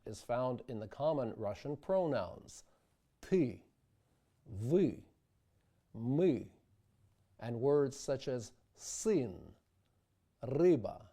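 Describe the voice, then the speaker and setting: A man teaching sung diction, speaking slowly and carefully and demonstrating vowel sounds aloud. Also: medium pitch, mellow. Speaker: diction instructor. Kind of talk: instructional video lesson.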